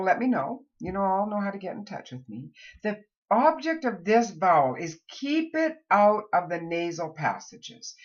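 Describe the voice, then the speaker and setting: A woman running a pronunciation lesson, slowly and carefully modeling words for students to repeat. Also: medium pitch, highs cut off. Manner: slow, deliberate, modeling words in rhythm. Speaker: accent and pronunciation coach.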